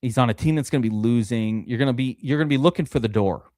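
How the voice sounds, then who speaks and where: A man's voice: mid-range voice, quick pace, darkish tone, no room sound, studio quality. A man hosting a live fantasy football draft stream, chatting casually and rambling with restarts.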